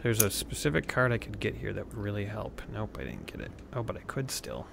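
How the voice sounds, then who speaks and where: A man's voice: on the low side, fairly quick, vocal fry, noisy background. A man chatting on a game stream, teasing his friends and muttering to himself as he plays cards. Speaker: show regular, playing a card game. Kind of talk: casual chat and play-by-play of his game.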